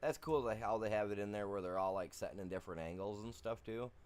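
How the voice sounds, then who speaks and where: Talking fast in a lowish, darkish voice, a man streams a farming game and chats loosely with viewers. His rambling talk is filled with "you know" asides.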